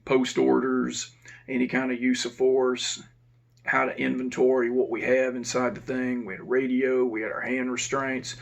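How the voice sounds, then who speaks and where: Gravelly man telling a blunt story. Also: mid-range voice, completely flat delivery, moderate pace. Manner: blunt and profane, laid-back. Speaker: former prison officer telling war stories. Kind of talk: casual storytelling.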